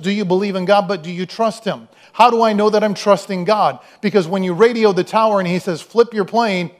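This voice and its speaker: High-voiced pastor preaching conversationally. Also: male voice. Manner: conversational, storytelling, acts out quoted voices. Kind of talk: sermon.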